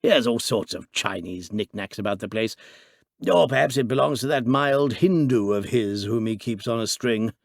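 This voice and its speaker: A male audiobook reader voicing a hearty, jolly doctor who scoffs at talk of magic, brisk and boisterous. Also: medium pitch, gravelly, dry recording, studio quality, close to an everyday voice. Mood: jovial, dismissive.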